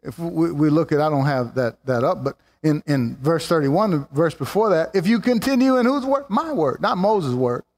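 A man preaching a sermon with fervor, building up to exclamations and slowing down to stress key words. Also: a little high, lively intonation, a little mellow. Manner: fervent, rising to exclamations and slowing for emphasis. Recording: long hall reverb.

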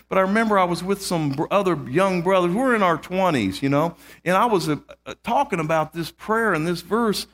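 A man's voice: high-pitched, fairly bright tone. A man preaching a sermon, emphatic, repeating key words and calling out amen to his congregation, often restarting his sentences.

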